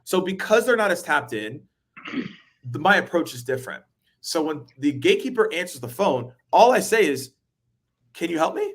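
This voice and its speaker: A man hosts a sales webinar in an animated, casual way. His voice sits a little high, and he slips into quoted voices to act out phone calls. He laughs easily. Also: moderate pace. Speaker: webinar host, sales trainer.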